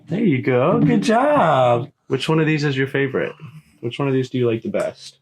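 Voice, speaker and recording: Gentle sing-song baby talk. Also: medium pitch, very animated, creaky, slightly rough. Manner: gentle, coaxing and soothing; repeats words slowly for the child. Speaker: parent showing animals to a toddler. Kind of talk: baby talk to a small child.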